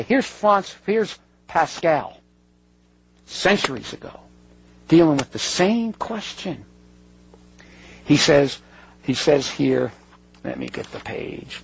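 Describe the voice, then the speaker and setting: Gravelly high-voiced man giving an earnest talk. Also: animated, measured pace, no echo. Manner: digressive, self-interrupting, earnest. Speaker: speaker addressing an audience. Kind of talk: conversational talk with read-out quotes. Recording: dull lo-fi recording.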